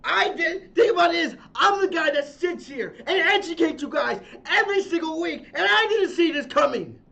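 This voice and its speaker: High, gravelly ranting man. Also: animated, normal speed. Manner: shouting, exasperated, profane. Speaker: wrestling podcast host. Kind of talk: angry ranting review. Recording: dull lo-fi sound.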